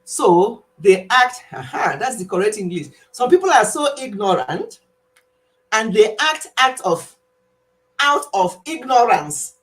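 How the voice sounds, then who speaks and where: In a fairly high voice at a measured pace, a woman from Nigeria, Igbo by first language and Nigerian in accent, hosts a casual health stream. She laughs a lot, sprinkles in Igbo, and tells lively stories, though the audio quality is poor.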